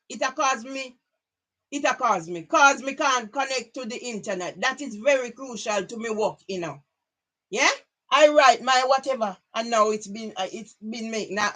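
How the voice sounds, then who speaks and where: A woman's voice: fairly high pitch, moderate pace, a bit bright. A middle-aged woman from Jamaica with a Jamaican accent, delivering a rambling personal monologue and sliding between English and patois. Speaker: vlogger.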